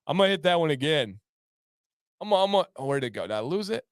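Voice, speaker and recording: An upbeat man hosting a casual livestream, chatting with his viewers in a playful way. His voice sits high and comes across smooth and resonant. The sound is close and dry, with no room echo. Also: sing-song, fast. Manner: upbeat, reads chat aloud and breaks into playful raps. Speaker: livestream host.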